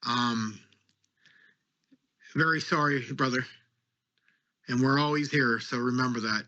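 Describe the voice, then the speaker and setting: Bright-voiced man signing off casually. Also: mid-range voice, steady tone, a little slow, dull audio. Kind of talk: casual sign-off chat.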